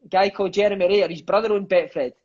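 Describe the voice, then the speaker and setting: Scottish man, thirties, high voice, chatty and sweary raconteur, dull lo-fi recording. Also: quick pace. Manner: animated, swearing, peppers lines with "mate". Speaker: interview guest, former footballer. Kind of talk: casual storytelling chat. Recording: dull lo-fi sound.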